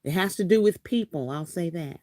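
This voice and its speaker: A woman's voice: fairly low pitch, lively intonation, a little fast, a little mellow, no echo. Live craft host, woman in her fifties, chatty and laughing, dry close-mic sound. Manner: chatty, laughs often, says y'all a lot. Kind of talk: casual live-stream chat reading comments.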